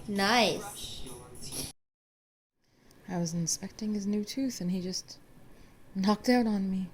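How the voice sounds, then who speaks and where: A woman's voice: medium pitch, big pitch swings, extremely slow, pauses often, a little mellow, slight background noise. A young woman filming her baby at home, chatting in cooing baby talk. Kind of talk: home vlog chat.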